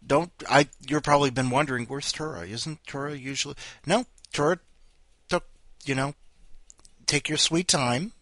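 A man's voice: medium pitch, lively intonation, normal speed, fairly bright tone, dry recording. A man hosting a podcast, rambling and joking in casual chat. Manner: rambling, jokey. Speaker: podcast host.

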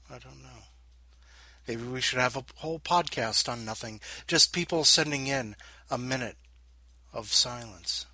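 Lively, bright-voiced rambling male podcaster. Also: medium pitch, husky. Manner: rambling, self-deprecating, mutters asides to himself. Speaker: podcast host. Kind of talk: casual solo podcast chat.

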